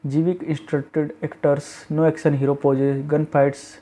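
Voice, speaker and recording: Man, scripted voice-over, clipped phrases, monotone, mellow dark tone. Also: a little high, unhurried, rough recording. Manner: reads in short clipped phrases with occasional restarts. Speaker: film review narrator.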